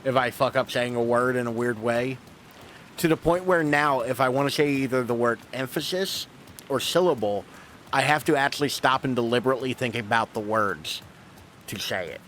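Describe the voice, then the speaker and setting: A man's voice: medium pitch, normal speed, a bit bright, slight background noise. A man streaming a video game, chatting casually to viewers, rambling and self-deprecating with casual swearing. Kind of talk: casual let's-play commentary.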